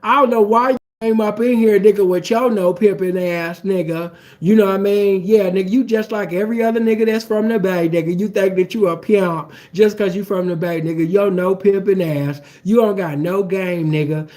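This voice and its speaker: A man's voice: high voice, fairly even intonation, normal speed, hardly any pauses, darkish tone, lightly acted. A man voicing a tall, brash woman who jeers crudely and mockingly at a man. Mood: taunting. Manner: mocking, vulgar, repetitive jeering.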